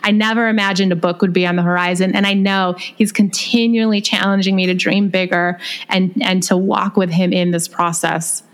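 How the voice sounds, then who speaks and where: Female author guest, animated storyteller, quick laughs, mid-pitched voice. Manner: animated, laughs often, acts out quoted dialogue. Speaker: podcast guest, author and speaker. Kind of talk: casual interview storytelling.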